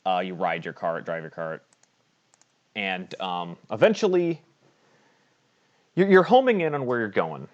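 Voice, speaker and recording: A man's voice: low voice, lively intonation, unhurried, pauses often. A man narrating a tabletop game as game master, chatty and hesitant, often laughing. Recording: dull lo-fi mic.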